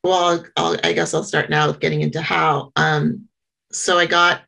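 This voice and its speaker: A middle-aged woman talks through her experience at a small meeting. Her voice sits low and has a gravelly fry to it. She speaks earnestly but haltingly, often pausing and starting over. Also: little pitch movement, pushed and bright, rough recording. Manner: halting and earnest, many pauses and restarts. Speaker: member sharing at a support meeting. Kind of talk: personal share at a small meeting.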